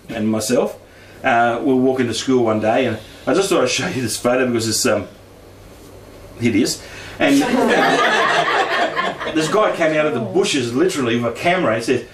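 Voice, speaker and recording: At a normal speed and in a fairly bright, mid-range voice, a middle-aged Australian man casually tells a personal story about the paranormal. He laughs often and acts out the voices he quotes. The audio is echoey, with a distant mic and faint noise.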